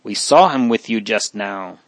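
A man's voice: lowish voice, animated, unhurried, no room sound. A wistful young girl, read by a man in a storybook. She sounds anxious and earnest. The reading is dry and close.

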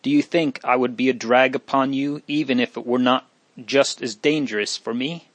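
A man's voice: medium pitch, fairly even intonation, no room sound, close to an everyday voice. A man voicing a determined young woman. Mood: defiant. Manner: quick, defiant.

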